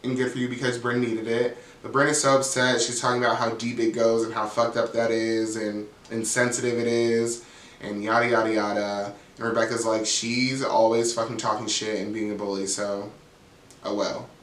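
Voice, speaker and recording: A man's voice: mid-range voice, flat delivery, moderate pace, a bit bright. A man tearing through a reality show recap in a sassy, blunt way, swearing freely and stuffing his talk with "like." His voice bounces around a reverberant room. It sounds as if he sits some distance from the microphone. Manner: sassy, blunt, profane, frequent "like". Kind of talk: casual commentary. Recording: echoey room, mic at a distance.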